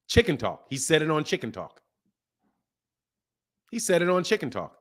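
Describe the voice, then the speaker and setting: A man with a high, light voice holds forth on a casual live stream. He talks to his chat in an animated, repetitive way, hammering the same point again and again. He laughs often between points. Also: moderate pace, pauses often. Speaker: boxing commentary host.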